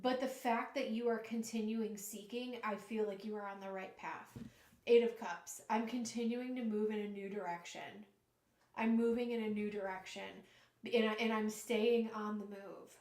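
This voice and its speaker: A woman giving a live tarot reading, earnest and emotional, often halting and restarting. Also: medium pitch, fairly even intonation, a little mellow, echoey room. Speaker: tarot reader.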